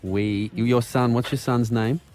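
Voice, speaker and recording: A man's voice: mid-range voice, steady tone, measured pace, a little mellow, soft background music. A man co-hosting a radio show, bantering playfully and joking with callers. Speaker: radio co-host. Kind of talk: casual radio chat.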